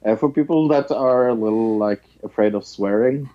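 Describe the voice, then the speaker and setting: A man co-hosting a casual reaction chat, relaxed and agreeable. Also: on the low side, normal speed, highs cut off. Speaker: co-host.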